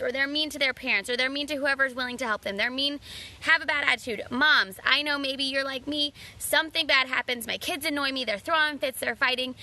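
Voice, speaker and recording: Bright-voiced woman giving an earnest pep talk. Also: high voice. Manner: earnest, challenging listeners with direct questions. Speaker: mom vlogger. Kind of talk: motivational talk.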